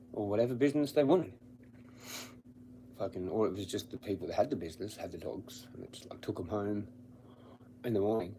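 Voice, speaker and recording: A man's voice: on the low side, mellow, a little hiss or hum. An Australian man on a livestream with the camera off, rambling in casual, blunt chat, swearing constantly and laughing at his own stories. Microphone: streaming from home with the camera off.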